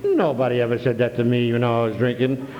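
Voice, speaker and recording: A man's voice: mid-range voice, fairly quick. An older man telling a humorous story to a convention audience, folksy and full of "you know", on a dull 1993 hall recording. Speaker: recovery meeting speaker.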